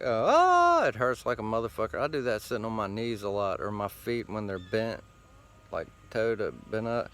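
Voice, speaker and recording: A man's voice: on the low side, a little hiss or hum. A man hosting a show, rambling casually outdoors while sitting against a tree, with loose, profane, meandering talk full of fillers. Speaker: host.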